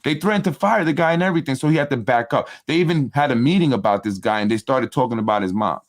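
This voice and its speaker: Animated New man hosting political talk. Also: medium pitch, fast talker, hardly any pauses. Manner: animated, repetitive, with frequent tag questions; acts out other people's speech in quoted voices. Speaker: political talk show host. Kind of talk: casual political commentary to an audience.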